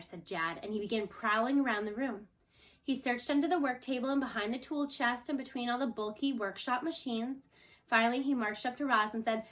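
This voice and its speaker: Bright-voiced woman reading aloud. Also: on the high side, normal speed. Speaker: storyteller. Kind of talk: reading a children's book aloud.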